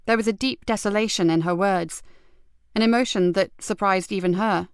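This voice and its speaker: A woman narrating an audiobook mystery in a measured, even storytelling manner. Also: fairly low pitch, smooth, no room sound, clean studio sound. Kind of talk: scripted narration.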